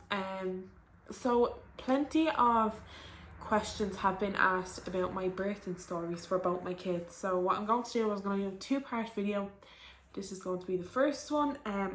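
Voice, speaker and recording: A woman's voice: medium pitch, slight background noise. Young woman, Dublin accent, early 20s, chatty, lots of fillers, roomy echo. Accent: Dublin Irish. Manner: chatty and rambling, with frequent "um" and "like". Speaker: vlogger. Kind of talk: casual storytelling to camera.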